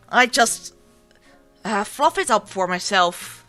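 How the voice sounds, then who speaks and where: A woman giving excitable, chatty let's play commentary who bursts into loud cheers. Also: mid-range voice, takes it slowly, long pauses, soft background music. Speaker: gaming video creator.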